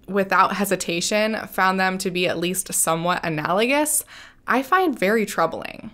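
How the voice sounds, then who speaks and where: A woman hosting a scripted commentary video, measured, critical and dryly sarcastic. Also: fairly low pitch, a bit bright. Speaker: commentary channel host.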